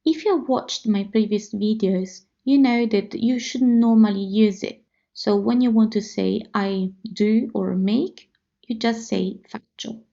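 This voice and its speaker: A woman with an Italian accent teaching a language lesson, repeating phrases slowly and carefully for learners. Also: medium pitch, fairly even intonation, gravelly, dark tone. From Italy. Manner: slow, careful repetition for learners. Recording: slightly dull lo-fi audio.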